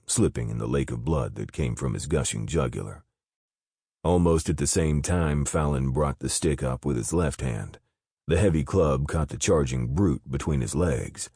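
Male audiobook narrator, husky bass, dry close recording, even measured delivery. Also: no echo. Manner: steady, measured storytelling. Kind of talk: scripted narration of an action novel.

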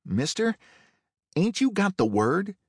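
Man putting on high strained voice, exasperated union guard, calling out, audiobook. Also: very animated, slow, husky, no echo, studio quality, exaggerated voice. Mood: incredulous.

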